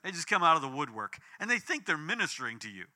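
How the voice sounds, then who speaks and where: A man in his fifties preaching a sermon, telling a personal story with big swings between loud and hushed. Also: fast. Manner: animated storytelling with big swings in pitch and volume. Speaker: pastor.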